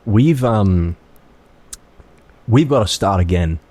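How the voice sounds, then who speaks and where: A man's voice: fairly low pitch, expressive, slow pace, warm tone. A man co-hosting a casual gaming podcast, making joking asides. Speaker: podcast co-host. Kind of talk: casual chat.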